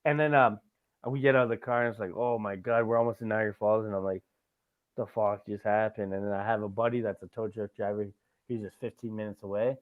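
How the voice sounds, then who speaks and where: His voice is fairly low and steady, and he talks fast. He's a podcast host from Canada rambling loosely through a long story in casual chat, swearing often and tagging lines with "right?", heard over tinny phone-like audio.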